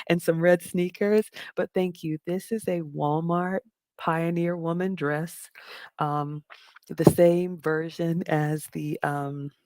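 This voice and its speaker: Middle-aged female livestream host: deep, raspy, chatty, talks straight to her viewers; dry, close recording. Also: dry recording. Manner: chatty, warm toward viewers, reads comments aloud. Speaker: livestream host reading chat. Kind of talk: casual livestream chat.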